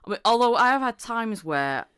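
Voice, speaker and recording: Woman, podcast host, bubbly storyteller, lively melody, dry studio sound. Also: on the high side, moderate pace, smooth, no echo. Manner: animated storyteller, giggly, acts out quotes. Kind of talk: casual podcast chat.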